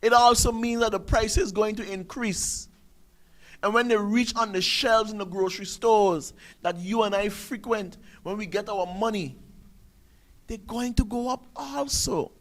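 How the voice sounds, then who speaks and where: A man's voice: sits high, a little slow, fairly bright tone, low-quality recording. A man, hosting a talk show and ranting through an emphatic commentary full of rhetorical questions. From Sint Maarten.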